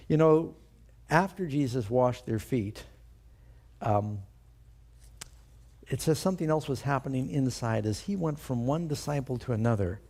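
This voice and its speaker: Guy pastor giving a sermon, mellow dark tone, mid pitch, keeps asking the church questions. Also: gravelly, breathy edge. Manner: emphatic, asks the congregation rhetorical questions.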